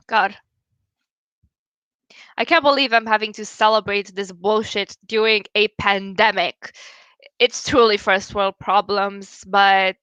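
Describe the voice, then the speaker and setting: A woman's voice: mid-range voice, fairly bright tone, dry recording. A young woman chatting casually with viewers on a livestream, giggling often as she reads and answers comments. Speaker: livestream host.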